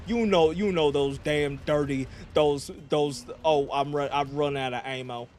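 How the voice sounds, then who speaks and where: Guy streaming a game as a loud over-the-top fake president, crude and rambly, trips over his words a lot, voice on the higher side. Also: fairly even intonation, measured pace, few pauses, slight background noise. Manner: blustering mock-patriotic president parody, crude and rambling; frequent stammered restarts. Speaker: VTuber streamer. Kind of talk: comedic gameplay commentary in character.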